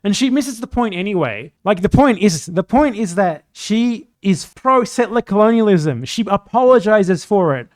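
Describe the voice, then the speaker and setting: A young man doing live-stream commentary, combative and heavy on profanity. His voice sits a bit high for a man, and he jumps between quick outbursts and lower, muttered asides. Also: expressive. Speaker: political streamer.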